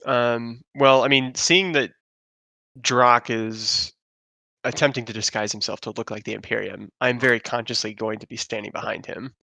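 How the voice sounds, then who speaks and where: A man speaks as a player in a tabletop game. His voice is gravelly yet bright, recorded dry and close. He asks questions and thinks aloud, hesitating as he plans. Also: mid-range voice, fairly even intonation, normal speed, no room sound. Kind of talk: casual tabletop game chat.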